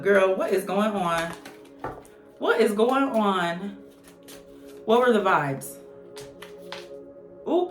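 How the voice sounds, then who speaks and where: A woman reads tarot in a loose, joking way, blunt and full of slang and swearing. Her voice sits at an ordinary pitch and rings a little in a roomy space. Soft music plays faintly underneath. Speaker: tarot reader. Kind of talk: casual channeled tarot reading.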